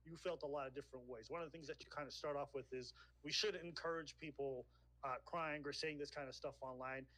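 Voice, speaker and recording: A male interviewer lays out a question at a measured pace, pausing on "uh" as he goes. His voice sits a little high for a man. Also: fairly even intonation, pushed and bright, poor audio. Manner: measured, hesitant with "uh".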